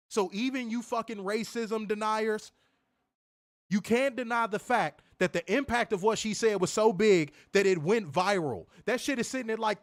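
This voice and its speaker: A man co-hosting a wrestling review stream, ranting angrily and profanely with emphatic, insistent delivery. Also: high-pitched. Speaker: wrestling show co-host. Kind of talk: heated profane rant on a stream.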